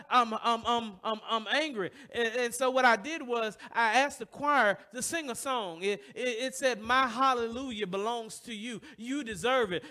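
High-voiced man preaching, asks the crowd to fill in words, really bright sound. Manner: call-and-response questions to the congregation; preaching with rising emotion and repetition. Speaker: pastor. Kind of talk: sermon.

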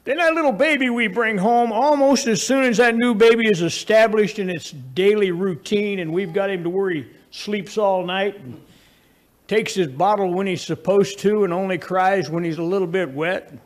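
A man preaching a sermon, telling folksy family stories and moving between raised emphatic lines and low, quiet asides. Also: normal speed.

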